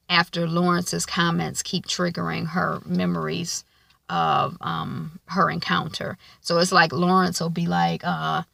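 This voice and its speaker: Gravelly low-voiced woman recapping a show. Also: pushed and bright, no echo. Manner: chatty, many filler ums; colloquial, loose grammar. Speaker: TV episode reviewer. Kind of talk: casual spoken TV recap.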